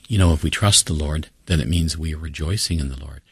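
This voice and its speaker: A pastor delivering a sermon in an earnest, repetitive preaching cadence. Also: male voice, very deep voice, fast, fairly bright tone, breathy edge, no echo, clean studio sound.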